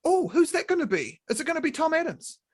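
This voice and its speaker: A man's voice: very high voice, big pitch swings, fast talker. Guy hosting a podcast, jokey sing-songy delivery, voice all over the place. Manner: playful, sing-song. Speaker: podcast host. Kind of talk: casual podcast chat.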